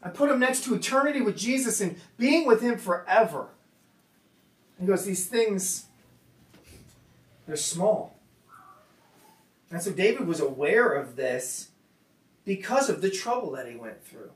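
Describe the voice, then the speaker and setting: A man's voice: high voice, sing-song, normal speed. A man preaching a casual sermon as pastor, talking in a loose, conversational way with many fillers and restarts. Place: church hall. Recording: echoey hall, voice from far off.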